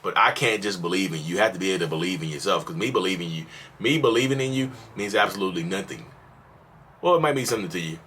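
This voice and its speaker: Deep-voiced and fast-talking, a mental health vlogger lectures his camera in a casual, preachy way, repeating points for emphasis. He gets animated and slips into acted voices, with slight background noise behind him.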